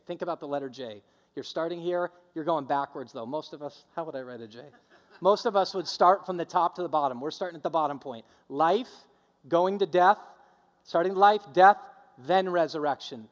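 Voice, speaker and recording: High-voiced guy preaching, punchy and repetitive, gets the crowd to say stuff back, long church echo. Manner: emphatic, repetitive preaching with audience call-and-response. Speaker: pastor. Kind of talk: sermon.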